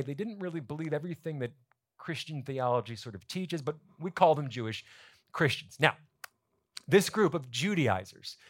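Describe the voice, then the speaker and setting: A man preaching a sermon to his church congregation, explaining scripture in a lively, conversational teaching manner. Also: mid-range voice. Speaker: pastor. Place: church sanctuary.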